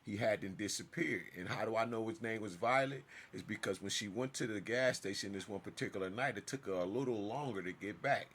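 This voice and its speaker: A man with a low, husky voice recounts a personal story in loose, casual monologue. He speaks, and his delivery is animated and emphatic, rising to loud outbursts and then dropping to hushed asides. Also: fairly quick, hardly any pauses. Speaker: storyteller vlogger.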